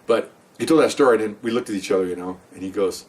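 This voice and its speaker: A retired police detective in his sixties tells stories casually, rambling and conversational, with plenty of asides. His voice is lowish, quick, and a little mellow, and he sounds a bit distant from the mic.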